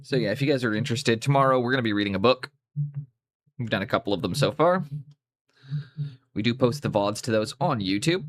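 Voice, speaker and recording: A Canadian man at a desk microphone chats easily to his live audience. His voice sits at an ordinary middle pitch. He wanders through his thoughts, breaking off and restarting his sentences. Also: fairly quick, long pauses, no echo, studio quality. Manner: rambling, self-correcting, easygoing. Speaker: streamer painting miniatures. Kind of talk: casual live-stream chat.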